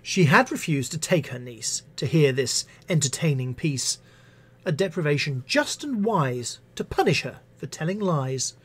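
Slow, theatrical poetry reader. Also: mid-range voice, big pitch swings, husky. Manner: theatrical, dramatic recitation with asides. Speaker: English teacher reading poems. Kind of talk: live-stream poetry reading.

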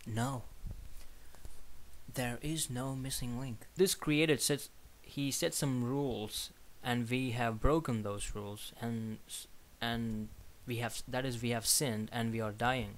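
Halting man in casual commentary. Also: medium pitch, fairly even intonation, a little hiss or hum. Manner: halting, with frequent restarts. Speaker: video commentator.

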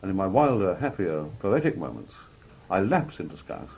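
A man from Liverpool, working as a television announcer, telling anecdotes in a relaxed interview and acting out the people he quotes. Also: low voice, normal speed, creaky, husky. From Liverpool, England. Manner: lively raconteur, acts out quoted people in different voices. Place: outdoor country fair at a cricket ground.

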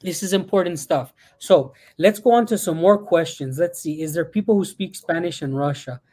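Male livestream host, high voice, chatty and upbeat, reads chat questions aloud. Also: moderate pace, a little mellow.

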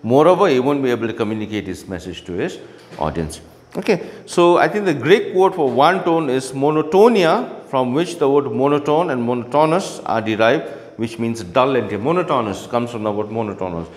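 A man's voice: medium pitch, animated, brisk, long reverb tail. A male teacher explaining a lesson in an online class, often checking in with "okay" and "right?".

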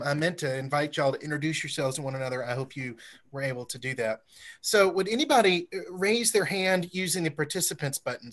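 A man with a somewhat high voice hosts a church forum over a video call. He talks in a friendly, coaxing way as he calls on participants to share. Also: a bit bright. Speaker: forum host.

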